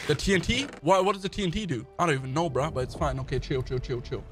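A male streamer giving excitable gaming livestream commentary, talking to his chat and shouting when he panics. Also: fairly high pitch, fast, hardly any pauses, faint music behind.

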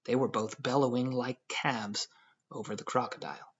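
A man narrating an audiobook in a measured storytelling manner. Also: mid-range voice, fairly even intonation, breathy edge. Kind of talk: scripted narration. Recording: dull lo-fi audio.

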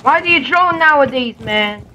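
A young man chatting excitedly while playing a game with a friend, laughing and swearing as he goes. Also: very high-pitched, moderate pace. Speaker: gamer. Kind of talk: gaming chat with a friend. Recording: noisy game audio behind.

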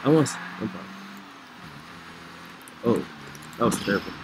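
A man giving excitable let's play commentary, reacting loudly to the plays. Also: on the low side, normal speed. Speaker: gamer. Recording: noisy with game sounds behind.

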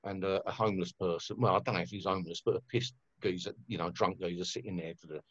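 A low-voiced man rambles through his stories, full of fillers and casual swearing. His voice comes through a dull, lo-fi call line with a dry, close sound. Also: fairly even intonation, quick pace, no echo. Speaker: guest musician. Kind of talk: casual conversation.

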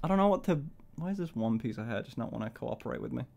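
A man's voice: mid-range voice, animated, rapid-fire, vocal fry, darkish tone, dull audio. A man in his twenties chatting casually on a live stream, swearing freely, laughing often and rambling in a self-conscious way. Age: 20s.

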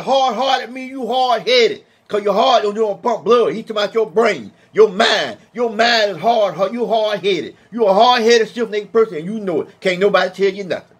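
High-voiced man preaching emphatically. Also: slightly rough. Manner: emphatic and colloquial, reads scripture slowly. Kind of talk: Bible teaching sermon.

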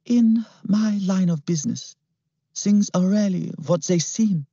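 A man voicing a mysterious, persuasive businessman who talks calmly and smoothly. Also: high voice, unhurried, no echo, voice pushed up, exaggerated voice. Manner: calm, smooth, bargaining. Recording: dull lo-fi recording.

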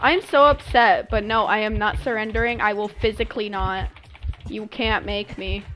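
A young woman streamer reacting dramatically to a game as she plays, scolding her teammates and shouting out. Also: medium pitch, flat delivery, normal speed, slight background noise. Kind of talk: live game commentary.

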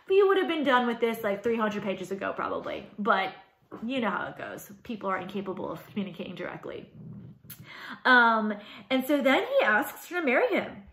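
A woman teacher giving a casual, animated video lecture, talking with lots of fillers. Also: mid-range voice, normal speed. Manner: chatty and animated, many fillers. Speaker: high school English teacher. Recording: roomy echo.

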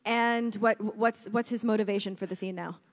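A woman's voice: medium pitch, fairly even intonation, normal speed. A woman moderating a convention panel, playfully directing the panelists through an improv game. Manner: playful, bossy prompting.

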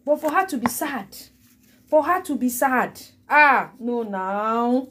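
Slow and slightly bright, her voice pitched a little high, a woman with a Nigerian accent offers scornful celebrity gossip to her audience. The vlogger keeps repeating herself and dissolving into laughter.

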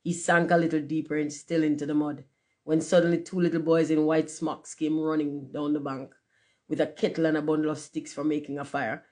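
A storyteller gives a storybook read-aloud in a steady, measured voice. The narration keeps an even storytelling pace between the characters' lines. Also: medium pitch.

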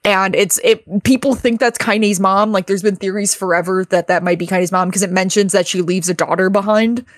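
A young woman in casual podcast chat, telling a game's story in an animated way, full of fillers and swearing. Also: mid-range voice, a little fast, no echo, clean studio sound. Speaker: podcast co-host. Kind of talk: casual chat recapping a video game.

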